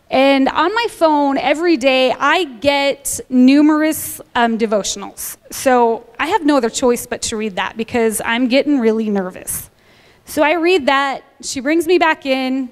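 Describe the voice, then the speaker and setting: A woman in her thirties telling a personal testimony to a church congregation, a lively storyteller who acts out the dialogue. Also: high voice, in a large hall. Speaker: church member giving a testimony.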